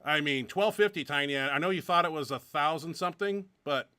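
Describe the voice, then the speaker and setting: Bright-voiced male host with a dry sound. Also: fairly high pitch, brisk, clear, resonant tone, dry recording. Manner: rambling questions, swears, many fillers. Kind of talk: casual interview.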